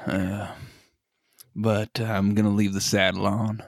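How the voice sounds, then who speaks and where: A folksy, drawling cowboy, as a man puts on the bit rambles along in a fairly low voice. The sound is dry and close. He talks in loose, hearty asides. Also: little pitch movement, a little slow, gravelly, no room sound. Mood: teasing. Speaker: player. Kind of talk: improvised in-character banter.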